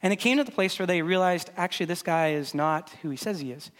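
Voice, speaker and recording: A man's voice: high voice, quick pace, a bit bright. A man preaching a casual sermon as a pastor, talking loosely with lots of fillers while he walks volunteers through a demonstration. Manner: conversational, loose and filler-heavy. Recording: long hall reverb.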